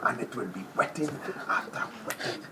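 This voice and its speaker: A man doing an impression of a brash, boastful male TV personality, with a theatrical, drawn-out delivery that drops to whispers. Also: medium pitch, lively intonation, pitched below the performer's own voice, close to an everyday voice. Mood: menacing. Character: brash boastful male TV personality, self-proclaimed top predator. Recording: noisy background ambience.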